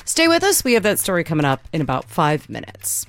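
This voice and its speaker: Lively woman radio host with animated pitch. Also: a little fast. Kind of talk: radio announcing. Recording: faint music bed.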